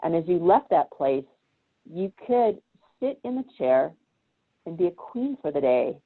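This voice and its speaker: This guest speaker, a woman with a lowish, breathy-edged voice, talks a little slowly. She's an animated storyteller in casual conversation, performing the quoted voices of people in her tales, heard through tinny video-call audio.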